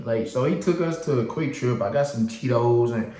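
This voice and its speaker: Guy telling his life story on his channel, mid-pitch, echoey room, voice shoots way up when he plays out what he said. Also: moderate pace. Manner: animated storyteller, voice jumps high when quoting himself. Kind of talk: casual storytelling to camera.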